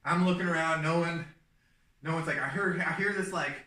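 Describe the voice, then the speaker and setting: A man co-hosting a casual talk show, telling a story in an animated way and acting out what people said with big jumps in loudness. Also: on the high side, a little fast, echoey room, recorded from a distance. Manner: animated, acts out quotes with big swings in loudness. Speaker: co-host.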